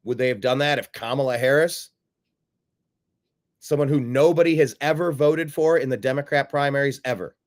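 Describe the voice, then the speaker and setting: A man's voice: mid-range voice, moderate pace. Combative male political talk host. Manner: combative, sarcastic, repeats phrases for emphasis. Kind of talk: political commentary monologue.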